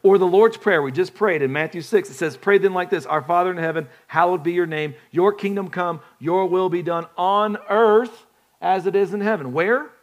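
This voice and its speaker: A man's voice: high voice, moderate pace, lo-fi sound. A man preaching a sermon in a conversational way, often putting questions to the congregation and restarting his phrases. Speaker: pastor.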